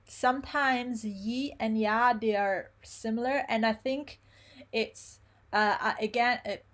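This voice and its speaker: A woman's voice: a little high, steady tone, a bit bright. Woman teaching pronunciation. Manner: slow, careful modeling of each syllable in pronunciation drills. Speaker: Italian language teacher. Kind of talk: live online language lesson.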